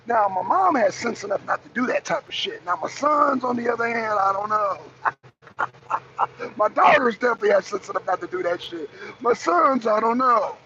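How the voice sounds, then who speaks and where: A man's voice: very high-pitched, sing-song, moderate pace, creaky, bright, forceful tone. A man hosting a live talk show and ranting profanely in casual, repetitive commentary from his car in traffic. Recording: slightly dull lo-fi audio.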